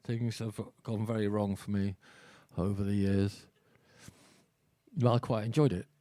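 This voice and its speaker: A man's voice: fairly low pitch, flat delivery, measured pace, mellow, no echo. A man, a singer-songwriter, telling wry, self-deprecating stories between songs at a small live show.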